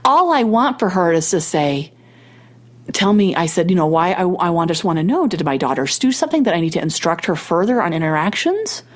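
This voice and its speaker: With a fairly low voice, big pitch swings and a brisk delivery, a middle-aged woman hosts a podcast while shaking off a cold. She tells a personal anecdote in relaxed chat, with quoted lines and self-deprecating asides.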